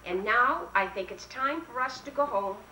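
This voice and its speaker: A woman reading as a warm, fond grown man. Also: fairly high pitch, lively intonation, normal speed, a little hiss or hum. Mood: soothing. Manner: soothing, storybook read-aloud. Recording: roomy 1970s library tape, mic far off.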